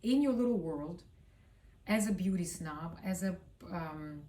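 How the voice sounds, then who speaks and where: A woman's voice: fairly low pitch, lively intonation, measured pace, mellow. A woman with a Russian accent giving a casual astrology reading, rambling with fillers and blunt swearing. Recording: roomy sound, distant from mic.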